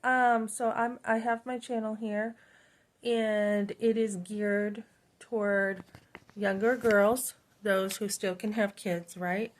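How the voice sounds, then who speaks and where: A woman's voice: medium pitch, little pitch movement, slow pace. Chatty woman. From New Hampshire, USA. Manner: chatty, frequent "um" and "you know", rambling. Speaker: channel host. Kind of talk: casual storytelling monologue.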